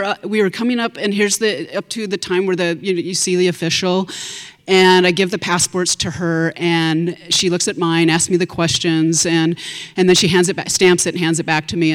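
A woman telling a personal story on stage to an audience, chatty and animated, with asides to the listeners. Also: on the low side. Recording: long hall reverb.

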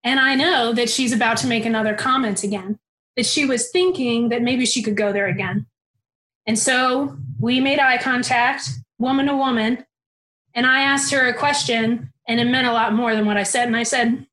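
Young adult woman storyteller, animated and candid; high voice, reverberant space. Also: moderate pace. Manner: animated, candid, swears casually. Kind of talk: personal storytelling. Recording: roomy echo.

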